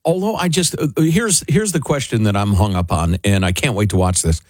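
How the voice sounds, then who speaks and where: A man co-hosting a talk radio show, chatting in an animated way about a documentary. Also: on the low side, brisk, no room sound. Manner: animated, laughs while mocking. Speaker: radio co-host. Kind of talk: casual talk radio banter.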